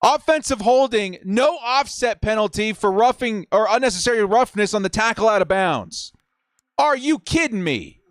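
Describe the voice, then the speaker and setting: A man in his thirties hosting a live football watch party, chatting with viewers and calling plays, getting loud and fired up at big moments. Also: high voice, no echo, studio quality. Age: 30s. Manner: excitable, talks fast, shouts at plays. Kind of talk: live sports watch-along commentary.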